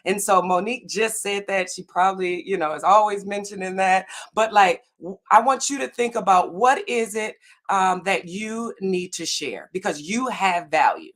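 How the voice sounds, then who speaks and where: A woman's voice: mid-range voice, normal speed. Earnest woman giving a motivational talk. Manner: earnest, asks "right?" often. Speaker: summit speaker. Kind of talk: motivational faith-based talk. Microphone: video call.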